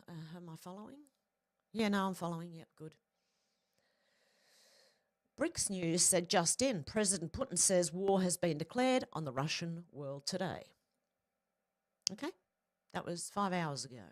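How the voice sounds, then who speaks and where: An Australian woman with a slightly low voice, talking casually and bluntly and swearing freely. She reads out posts one after another and breaks in with quick asides of her own. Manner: blunt and profane, with mid-sentence asides. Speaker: political commentary vlogger. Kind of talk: casual commentary reading out social media posts.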